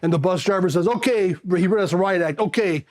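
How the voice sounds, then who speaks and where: Animated man telling his own story. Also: sits high, fast talker. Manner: animated, acts out quoted voices. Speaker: interview guest. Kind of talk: casual storytelling.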